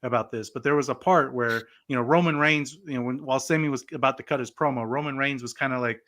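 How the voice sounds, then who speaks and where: A man co-hosting a laid-back podcast, his voice bright and forward at a medium pitch. He talks in an animated, rambling way, full of "like" and "you know". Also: quick pace. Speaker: podcast co-host. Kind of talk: casual wrestling podcast chat.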